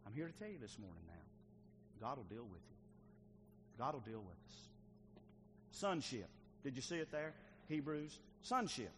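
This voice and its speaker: A middle-aged male pastor preaching a sermon, swinging between loud and hushed delivery. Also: mid-range voice, sing-song, unhurried, long pauses, a little hiss or hum. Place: church sanctuary.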